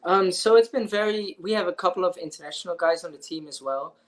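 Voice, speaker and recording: A man's voice: high voice, quick pace, low-quality recording. A young man from the Netherlands with a Dutch accent, answering interview questions earnestly with frequent ums and uhs. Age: young adult. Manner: earnest, with frequent fillers and restarts. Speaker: student athlete, interviewee.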